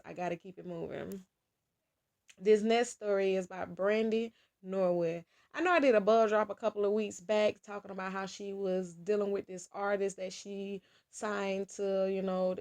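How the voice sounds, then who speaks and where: A woman's voice: mid-range voice, a little mellow. A woman vlogger chatting casually about celebrity gossip, talking straight to her viewers and laughing often.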